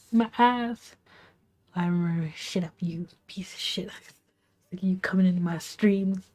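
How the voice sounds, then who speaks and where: Woman venting in a hushed half-whisper. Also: medium pitch. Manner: hushed, half-whispered talk to keep quiet; swearing, rambling with restarts. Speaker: live streamer. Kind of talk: venting storytime on a livestream. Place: at home late at night.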